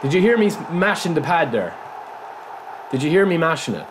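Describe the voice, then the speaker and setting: A man with a fairly high voice talks fairly quickly through his own football video game match, with slight background noise. His casual let's-play commentary is excitable, full of yelps and shouts at goals and chatty remarks to viewers.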